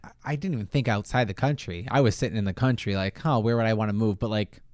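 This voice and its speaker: A man co-hosting a casual podcast chat, rambling with stammered restarts, swearing freely and getting excited. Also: fairly low pitch, fast talker, dry recording, studio quality. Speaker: podcast co-host.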